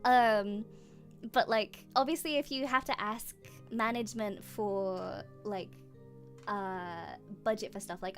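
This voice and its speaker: A woman's voice: mid-range voice, measured pace, soft background music. A young woman streaming a casual chat as a VTuber, bubbly and prone to squealing over fan art.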